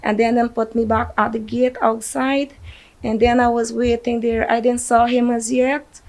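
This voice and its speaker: Distressed Guyanese mother, gravelly voice. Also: on the high side, level tone, a little mellow, poor audio. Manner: distressed, recounting events in rushed bursts. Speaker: grieving mother interviewed. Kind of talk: emotional news interview.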